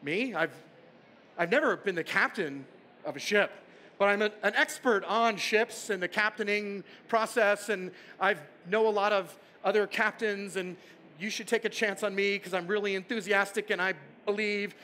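An eager, inexperienced young captain who stammers and gushes to win over a king, played by a man telling the story. The voice is bright and high, tumbling over itself with enthusiasm. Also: normal speed, a little hiss or hum. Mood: eager pitching.

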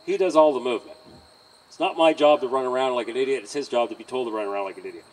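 A man teaching horse handling outdoors by a trailer, in a calm coaching manner with frequent okays and chuckles. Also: medium pitch, very fast, far from the mic, low-quality recording. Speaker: horse trainer. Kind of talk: hands-on training demonstration.

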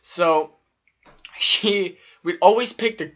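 A man's voice: high-pitched, slow pace, a bit bright, lo-fi sound. A man telling profane, rambling stories from childhood in a casual vlog. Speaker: vlogger. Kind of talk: casual storytelling.

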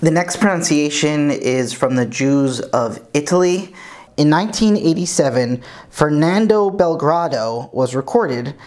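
A man's voice: on the high side, lively intonation, measured pace, darkish tone. A man teaching a lesson, patiently explaining pronunciation step by step. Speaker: Hebrew teacher.

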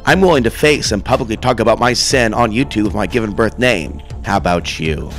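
A man from Portland delivering an impassioned sermon monologue, theatrical and swinging from murmurs to shouts. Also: on the low side, animated, brisk, soft background music. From Portland, Oregon. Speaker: self-styled preacher.

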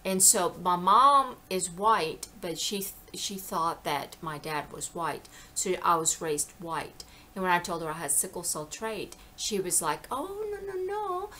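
Bright-voiced woman rambling in animated monologue. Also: lowish voice, unhurried, hardly any pauses. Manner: animated, digressive, slips into quoted voices. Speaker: vlogger. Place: lives in the American South.

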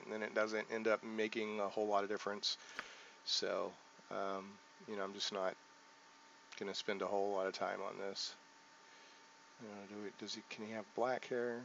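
A man with a lowish voice talks through a game's character setup in relaxed let's play commentary, thinking aloud, pausing on ums and correcting himself. The recording sounds dull and lo-fi, with a faint hiss underneath. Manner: thinks aloud while clicking through menus, frequent ums and self-corrections. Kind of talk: casual gameplay commentary.

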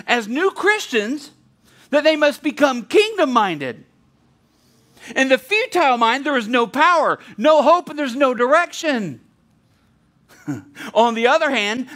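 Male pastor, very high voice, chatty sermon with asides. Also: fairly bright tone. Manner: conversational preaching with asides and repeated restarts.

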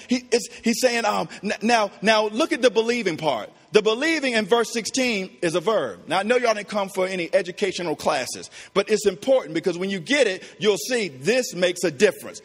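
A middle-aged man preaching a sermon, swinging between soft talk and loud emphasis, with casual asides to the congregation. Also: sits high, expressive, brisk, few pauses, in a large hall. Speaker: pastor. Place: church.

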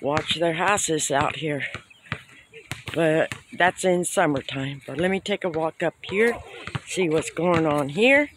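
A man vlogging casually while hiking up a steep hill, excited and out of breath. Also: a little high, takes it slowly. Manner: excited, exclaiming often. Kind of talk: casual walking vlog. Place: outdoors on a steep hillside. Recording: outdoor wind and ambient noise. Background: birds and open-air noise.

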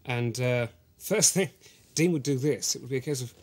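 A man's voice: medium pitch, normal speed, close to an everyday voice. An actor playing a pretentious, self-regarding male actor, talking earnestly in a mock documentary interview. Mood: recounting. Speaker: actor in the series.

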